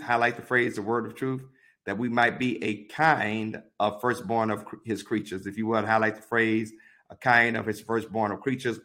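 A man teaching a Bible study, reading verses aloud and pausing to give deliberate, repeated marking instructions. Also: mid-range voice, fairly bright tone. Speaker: pastor.

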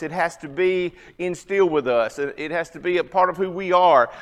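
A man's voice: high voice, a bit bright. A man in his fifties teaching a church Bible class in a conversational way, asking the audience questions. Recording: long hall reverb.

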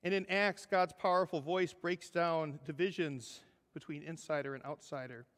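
A male pastor delivers an earnest sermon, pressing key words and then easing into quiet, tender phrases. His voice sits a little high for a man. The sound rings with the long reverb of a church hall. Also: steady tone, moderate pace. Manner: earnest, rising emphasis, softening to hushed close.

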